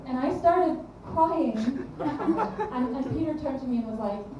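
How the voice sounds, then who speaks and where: A high-pitched young woman doing stand-up comedy in a club, chatty and self-deprecating, with lots of ums and restarts. Her voice reaches the mic from a distance and echoes around a big room, with an audience murmuring and a faint hiss behind her. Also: animated, measured pace, muffled recording. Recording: echoey room, mic heard from afar, crowd.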